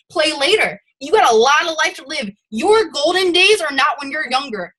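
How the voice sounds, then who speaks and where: A young woman leading her sales team over a video call, giving a rambling, animated motivational talk. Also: high-pitched, husky. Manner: rambling and animated, admits to ranting.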